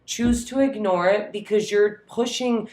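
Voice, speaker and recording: In an unhurried, medium-pitched voice, a woman co-hosting a podcast chats casually and retells stories. She brings them to life by acting out what other people said in quoted voices.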